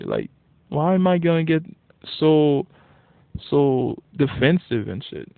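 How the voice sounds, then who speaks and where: A man's voice: a little high, takes it slowly, vocal fry, no room sound. Man ranting bluntly over tinny audio. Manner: blunt, profane, animated when worked up. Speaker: vlogger. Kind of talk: casual ranting monologue. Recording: tinny phone-like dry audio.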